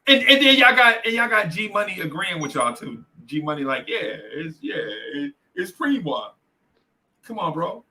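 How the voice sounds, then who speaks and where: Man, joking co-host, very bright sharp voice, bouncy pitch, teasing, repeats himself. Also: expressive, moderate pace, hardly any pauses. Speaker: podcast co-host. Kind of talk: casual sports chat.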